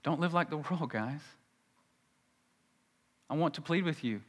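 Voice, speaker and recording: A man preaching a sermon, moving between quiet, intense lows and urgent, rising pleas. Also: a little slow, husky. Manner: dynamic preaching, drops to soft intense lows and rises to urgent pleading. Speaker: pastor.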